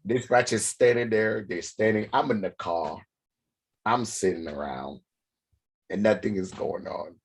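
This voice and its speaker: A man whose first language is French, telling a lively story as an interview guest and acting out the voices of the people in it. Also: fairly low pitch, a little slow, breathy edge. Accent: French-speaking African. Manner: animated, acts out voices in his story.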